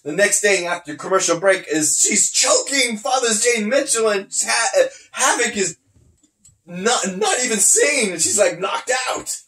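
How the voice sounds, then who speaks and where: A man's voice: high-pitched, unhurried, roomy sound. A man hosting a podcast, chatting casually about wrestling, laughing often and acting out scenes as he retells them. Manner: laughs often, animated retelling with acted-out quotes. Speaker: podcast host. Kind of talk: casual wrestling review chat.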